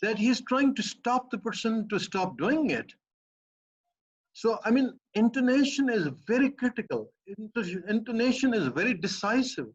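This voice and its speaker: The recording is muffled and lo-fi: a man with a Pakistani English accent, a professor, explains a point to a student emphatically, piling on repeated phrases. His voice is very high and slightly rough, animated, at normal speed.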